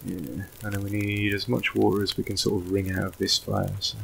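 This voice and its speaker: A man giving casual, thinking-aloud commentary while playing a video game, drifting into relaxed, rambling asides. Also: lowish voice, a little fast, gravelly, a little hiss or hum. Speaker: let's play host.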